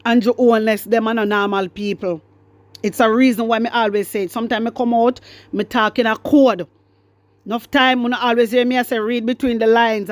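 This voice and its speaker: A woman's voice: a little high, no echo. A woman with a Jamaican accent, ranting to camera as a political vlogger, defiant and repetitive, switching between patois and English. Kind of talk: fiery rant to camera.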